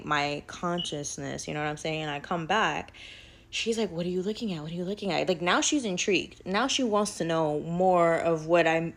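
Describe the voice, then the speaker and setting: A woman casually telling a personal spiritual story, chatty and rambling, peppered with "like.". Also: on the low side. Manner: chatty, rambling, heavy use of "like".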